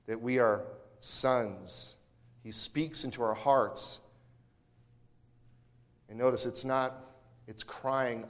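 A male pastor preaching a sermon, talking in a conversational way with asides and restarts, then swinging from quiet to loud emphasis. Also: mid-range voice. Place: church sanctuary. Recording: long church hall reverb.

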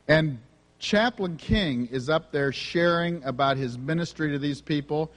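A man preaches a sermon built on personal stories, earnest, conversational and self-confessing. His voice is fairly high and a little slow, recorded in a large hall.

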